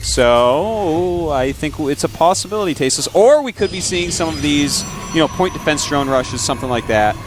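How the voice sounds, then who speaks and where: A man's voice: a little high, expressive, moderate pace, few pauses, noisy background. A man casting a live video game match, bantering playfully with his co-host. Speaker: esports caster.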